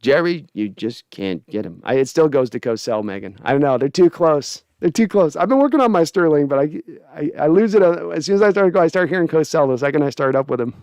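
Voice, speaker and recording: A man's voice: fairly high pitch, expressive, a little fast, hardly any pauses, a little mellow, clear, resonant tone, no echo, studio quality. A man hosting a sports podcast, casually chatting and reading viewer comments aloud. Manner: chatty, laughs often, reads comments aloud. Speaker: podcast host.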